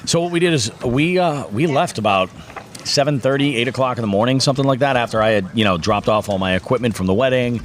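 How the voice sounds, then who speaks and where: A man's voice: medium pitch, fast talker, a little hiss or hum. A man hosting a fishing podcast in casual chat, rambling along with many fillers and restarts.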